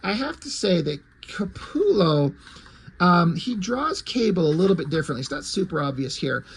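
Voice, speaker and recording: A man's voice: sits high, sing-song, normal speed, gravelly, slightly rough. A man casually recapping and reviewing a comic book, sarcastic and swearing freely. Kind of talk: casual chat.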